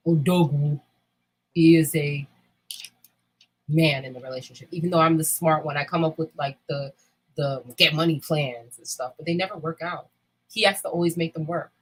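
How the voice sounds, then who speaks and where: A woman's voice: low voice, steady tone, moderate pace, slightly rough, rough recording. A woman in candid casual chat, talking bluntly and emphatically with frequent swearing. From United States.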